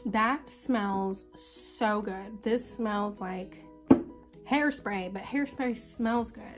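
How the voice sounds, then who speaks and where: A woman's voice: mid-range voice, extremely slow, soft background music. Young woman doing a makeup vlog, stuffy sick voice, bubbly and chatty. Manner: chatty, upbeat, hyper. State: sick, congested. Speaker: beauty vlogger. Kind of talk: casual makeup tutorial chat.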